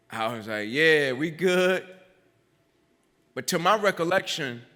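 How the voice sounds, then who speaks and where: A man giving a motivational keynote, telling his story dramatically and using repetition to build tension, with sudden drops to a hush. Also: on the high side. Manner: builds intensity with repetition, swings between loud and hushed. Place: large event venue on stage. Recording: long reverb of a big live hall.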